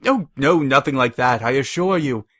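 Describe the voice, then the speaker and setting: A man's voice: mid-range voice, animated, moderate pace, a bit bright. A man playing a smug scheming stallion. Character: cool scheming male pony agent, smug and calm.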